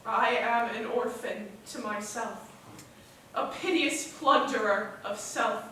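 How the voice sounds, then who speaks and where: A woman's voice: a little high, bright, forceful tone. Woman playing heartbroken mourning lover Sebastian. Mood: mournful. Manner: slow, mournful, poetic declamation. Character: mourning young man Sebastian, heartbroken and despairing. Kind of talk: live stage drama. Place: theater stage. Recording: echoey theater from far off, faint hum.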